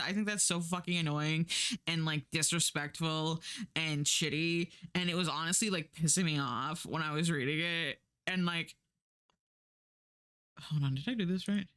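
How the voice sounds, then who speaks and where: A woman's voice: deep voice, moderate pace, a bit bright, clear, resonant tone. A woman streamer recapping a book in casual chat, rambling through lots of fillers and restarts, and blunt and profane when something annoys her.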